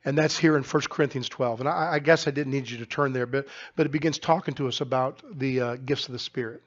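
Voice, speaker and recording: A male pastor preaching a sermon in a church, telling stories in an animated way with frequent restarts. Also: medium pitch, fast talker, highs cut off. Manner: animated storytelling with many restarts. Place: church sanctuary.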